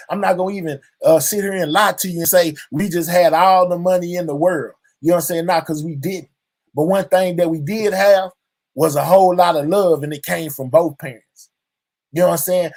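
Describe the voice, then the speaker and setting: A man's voice: sits high, a little mellow. A man hosting his own channel, speaking openly and reflectively to his viewers and filling his talk with constant verbal tics. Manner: drawling, fills nearly every line with "you know what I'm saying". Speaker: channel host. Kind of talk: heartfelt personal monologue to viewers.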